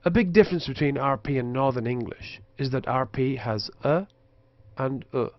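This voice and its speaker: A man narrating a linguistics lesson in a measured, scripted way, slowing down to demonstrate pronunciations. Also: medium pitch, no echo, lo-fi sound. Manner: slow careful demonstrations of pronunciation. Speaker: lecturer.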